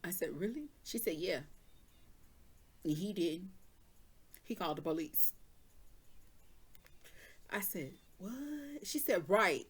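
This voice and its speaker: A woman with a slightly low voice, reading tarot cards and then telling a story in loose, slangy speech. She switches into animated storytelling, acting out both sides of the conversation. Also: slow, pauses often, husky. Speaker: tarot reader.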